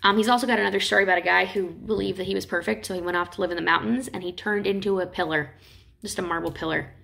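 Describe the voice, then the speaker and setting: A woman teaching literature in a casual, chatty lecture, retelling stories with quick acted quotes. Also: medium pitch, fairly even intonation, gravelly, fairly bright tone.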